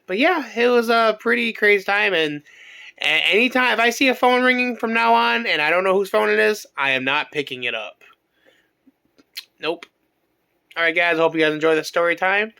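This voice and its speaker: A young adult vlogger telling a casual story-time tale, animated, with lively jumps in pitch. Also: moderate pace, clear, resonant tone.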